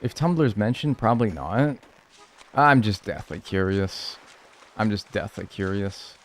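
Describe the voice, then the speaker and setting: A man's voice: fairly low pitch, measured pace, a little hiss or hum. A man streaming live, chatting casually and joking as he reads and answers his chat.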